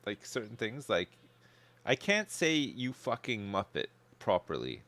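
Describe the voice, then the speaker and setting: A man's voice: on the low side, sing-song, a little slow, fairly bright tone. A Canadian man chatting casually on a live gaming stream, rambling and laid-back, swearing freely and chuckling often.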